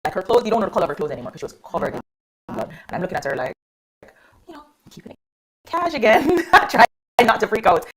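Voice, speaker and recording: A young woman guest on a radio talk show, telling her story in a lively, casual way with frequent laughs. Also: mid-range voice, fast, long pauses, slightly rough. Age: young adult.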